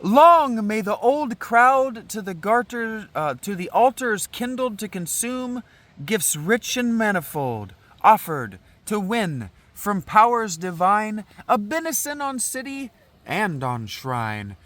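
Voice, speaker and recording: A man's voice: high voice, sing-song, slow, a bit bright, dry recording, pitched above the performer's own voice, heavily acted. A man reading a praying chorus of maidens. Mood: solemn. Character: chorus of young women praying for a city. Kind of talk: dramatic reading of an old play.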